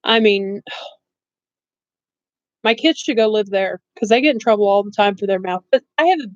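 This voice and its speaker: A woman's voice: medium pitch, normal speed, dry recording, dull audio. A middle-aged woman chatting casually on a live stream, blunt and rambling, laughing often and saying she has no filter. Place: bedroom at home.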